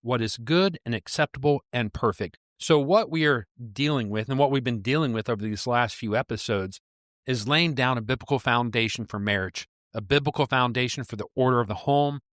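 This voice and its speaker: An earnest man co-hosting a faith podcast, speaking in a preacherly manner at an average pitch. His voice is close and dry, with no room sound around it. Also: fairly bright tone, no echo. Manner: earnest, preacherly, reads scripture aloud. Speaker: podcast co-host. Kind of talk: casual Christian podcast discussion.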